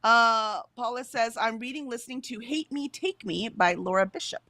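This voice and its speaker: Fairly high-pitched, bright, and forceful, this woman's voice moves at normal speed on a dry recording. She co-hosts a casual productivity stream, reading out live chat comments and laughing often as she chats.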